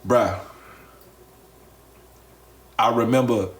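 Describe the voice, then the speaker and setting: A man's voice: medium pitch, steady tone, drawn-out words. A man casually telling his followers a personal story, repeating phrases, talking straight to the audience and swearing freely.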